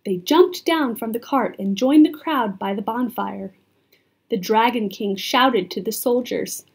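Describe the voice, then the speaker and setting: A woman's voice: on the high side, measured pace, husky. A woman reading a children's book aloud expressively, sometimes turning to talk directly to the listener. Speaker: storyteller.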